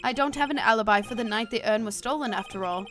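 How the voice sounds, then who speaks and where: A woman's voice: fast, fairly bright tone, soft background music, natural voice. A woman voicing a nervous, eager young man who confesses to being a thief, stammering in a put-on British accent. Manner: high, stammering, overexcited. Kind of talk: game dialogue read aloud on a stream.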